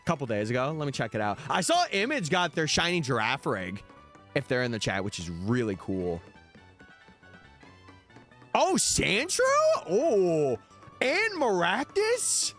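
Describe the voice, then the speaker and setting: A man's voice: mid-range voice, very animated, a little fast, a bit bright. A young man streaming live, chatting casually and answering his viewers' messages over faint background music. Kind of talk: casual livestream chat.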